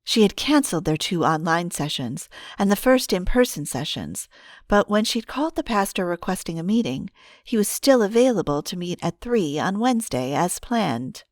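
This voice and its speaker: A woman narrating an audiobook in a calm, steady storytelling manner on a close mic. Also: on the low side, normal speed, no echo.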